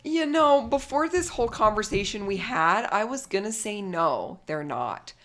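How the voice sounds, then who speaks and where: A woman co-hosting a podcast, chatting casually and excitedly, laughing often and swearing now and then. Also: medium pitch, normal speed. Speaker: podcast co-host. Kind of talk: casual chat about reality TV.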